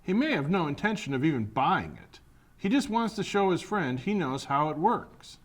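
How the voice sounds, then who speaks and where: A man's voice: fairly high pitch, big pitch swings, normal speed. A man co-hosting, clowning through recording outtakes in joking banter with a teasing, playful manner. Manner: teasing, playful, breaks off mid-line. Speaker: co-host. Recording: loud background noise.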